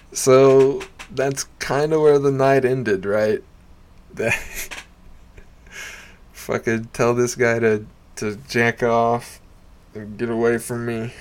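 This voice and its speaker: A man's voice: medium pitch, takes it slowly, long pauses, slight background noise. A man telling a bar story in a casual, rambling way. He swears often, fills his talk with "you know" and "like", and laughs as he goes. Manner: profane and rambling, full of fillers; animated, laughing while he recounts. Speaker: amateur stand-up comic.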